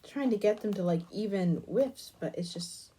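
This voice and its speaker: While shaping clay, a young woman who runs a crafting channel chats casually, straying into a long childhood story and returning with side comments on her work. Her medium-pitched voice is mellow and husky, with lively intonation at a moderate pace.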